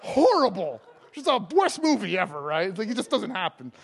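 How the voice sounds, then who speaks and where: High-voiced joking male preacher. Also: sing-song, fairly quick, gravelly, a bit bright. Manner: jokey and conversational, laughing between points; heavy fillers and restarts. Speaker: evangelist preacher. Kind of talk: sermon.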